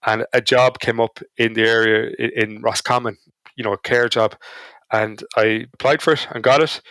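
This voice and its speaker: A man's voice: medium pitch, fairly even intonation, normal speed, fairly bright tone, no echo. A man with an Irish accent, a podcast guest telling anecdotes in a casual, self-deprecating way. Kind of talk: casual storytelling chat.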